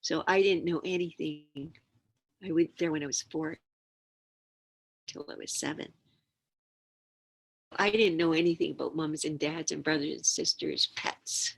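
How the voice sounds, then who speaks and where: An older woman sharing teachings as a storyteller, acting out the quiet hushing sounds and coaxing calls in her stories. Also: sits low, slow pace, gravelly, pauses often, slightly rough, rough recording. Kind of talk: storytelling talk.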